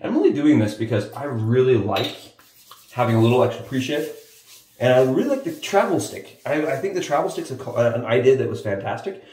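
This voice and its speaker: Chatting casually to camera as he shaves his head, this vlogger sounds animated and brisk, his mid-range voice darkish in tone. He keeps addressing viewers as "guys," and the distant mic catches roomy echo plus a little hiss or hum.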